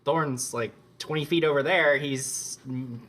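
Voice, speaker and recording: A man's voice: on the high side, measured pace. A man narrating as game master for a tabletop game, talking loosely with many fillers. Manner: relaxed, chatty, with many fillers.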